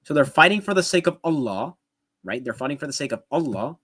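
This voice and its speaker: An apologetics video host reacts to a debate clip in casual commentary, his voice a little high, bright, and breathy, and his delivery animated and fast. He walks through his points step by step, frequently checking in with "right?", and talks conversationally with fillers and restarts.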